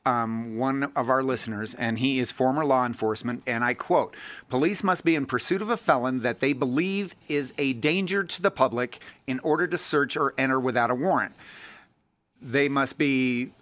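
A man's voice: mid-range voice, normal speed, fairly bright tone, no room sound. A man hosting a talk radio show, opinionated and sarcastic, reading out listener texts.

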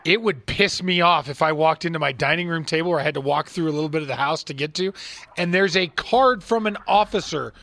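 A man co-hosting a talk radio show, reading from a news article and reacting with animated indignation. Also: fast talker, no room sound. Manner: indignant, animated, rising pitch when outraged.

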